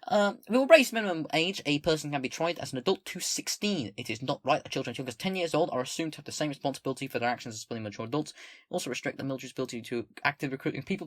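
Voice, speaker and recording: A man's voice: mid-range voice, a bit bright, no echo. A young man reading a document aloud with commentary, swearing casually, stumbling over words and mocking himself in asides. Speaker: political commentator.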